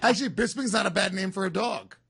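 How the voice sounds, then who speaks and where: A man's voice: high voice, fast, gravelly, fairly bright tone, husky. A man co-hosting a podcast in casual chat, hesitant and joking. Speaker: podcast co-host.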